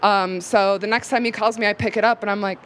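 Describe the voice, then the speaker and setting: A woman's voice: medium pitch, steady tone, fast talker, fairly bright tone, slight background noise. A young woman telling a personal story live on stage, casual and rambling with many fillers. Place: live event venue.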